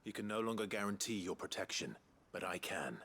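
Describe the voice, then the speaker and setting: An actor playing a calm grown man who offers people refuge in a video game, speaking in a steady, reassuring way. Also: on the low side, fairly quick, a little hiss or hum.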